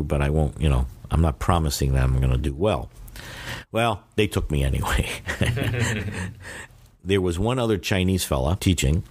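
A man's voice: deep voice, darkish tone. An older man, a guest on an interview podcast, telling long rambling stories with frequent restarts. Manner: rambling anecdotal storyteller with many restarts. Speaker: guest, Chinese teacher. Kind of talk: casual interview storytelling.

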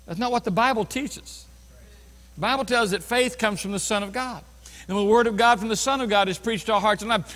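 A pastor in his fifties preaching a sermon, swinging from quiet storytelling to loud crying out. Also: high voice. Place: large church sanctuary. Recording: long hall reverb in a church.

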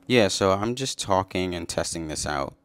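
A man giving a relaxed, upbeat screen-share coding tutorial as a software developer. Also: deep voice, moderate pace. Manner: relaxed, upbeat, says "sweet" and "awesome". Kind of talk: casual screen-share walkthrough.

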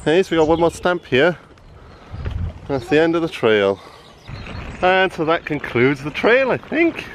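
A man's voice: on the high side, very animated, measured pace, pauses often, slight background noise. A man in his thirties, a family vlogger chatting casually while walking an outdoor farm trail, encouraging his small son, into a handheld camera.

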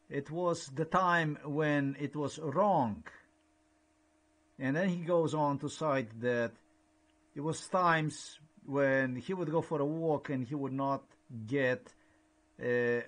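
A man slowly recounting a conversation with a neighbor, halting and repeating himself as he goes. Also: mid-range voice. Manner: repetitive, halting retelling with many restarts.

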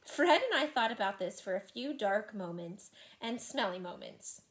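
Animated woman teacher reading aloud. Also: mid-range voice, normal speed. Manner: expressive, animated storytelling. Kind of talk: reading a children's book aloud.

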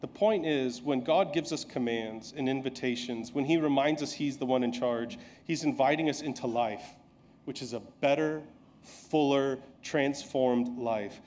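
A man preaching from the pulpit in a relaxed, conversational way. He pokes fun at himself and puts on voices for the people in his stories. His pitch sits in a middling range. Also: unhurried. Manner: conversational, self-deprecating storytelling with acted quotes. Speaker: pastor. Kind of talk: sermon.

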